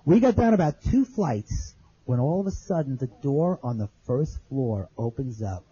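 A man's voice: medium pitch, lively intonation, normal speed, mellow, husky, dull audio. A man telling an audience his survival story in plain, earnest words, repeating phrases as he remembers. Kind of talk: spoken testimony to an audience.

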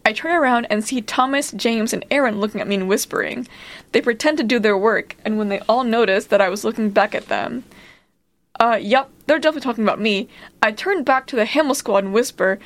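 A woman reading fan fiction aloud in a casual chat, breaking off for quick giggly asides. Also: fairly high pitch.

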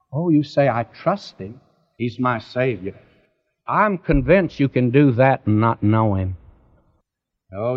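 A man preaching a sermon in a slow, emphatic cadence that rises and falls, directly addressing his listeners. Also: mid-range voice. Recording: dull lo-fi recording.

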